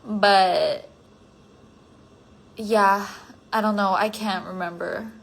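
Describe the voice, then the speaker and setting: Speaking extremely slowly, a tired woman with a steady, medium-pitched voice and vocal fry chats on a solo phone livestream. She answers fan comments, rambles, leans heavily on "like," lets her thoughts drift and now and then lowers her voice to a soft near-whisper.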